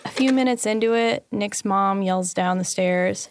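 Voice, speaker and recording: Dry, gravelly-voiced woman narrating a memoir. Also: medium pitch, normal speed, few pauses. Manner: candid, dry and deadpan. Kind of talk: scripted first-person memoir narration.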